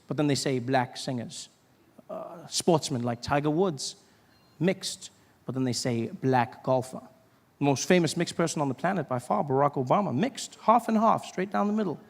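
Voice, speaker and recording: A man performing stand-up, telling stories animatedly and slipping into voices. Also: fairly high pitch. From South Africa. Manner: animated storytelling, does voices. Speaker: stand-up comedian. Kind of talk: stand-up comedy set. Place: stage in a large hall. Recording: reverberant hall, faint ambience.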